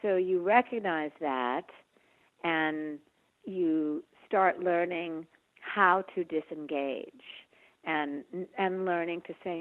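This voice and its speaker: A middle-aged woman speaks slowly and gently, pausing often as she reflects. Her voice sits a little low. The sound is thin and tinny, like a phone line. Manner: slow, gentle, soft-spoken, with many pauses. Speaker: author and guest on a health podcast. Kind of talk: reflective interview answers.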